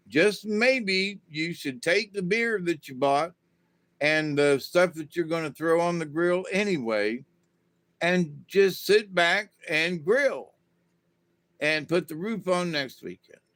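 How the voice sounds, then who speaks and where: Man, casual vlog monologue, folksy rambling, very slow delivery, dry close sound. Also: on the high side, animated, fairly bright tone, no echo. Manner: folksy, rambling, full of "you know" asides. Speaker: vlogger.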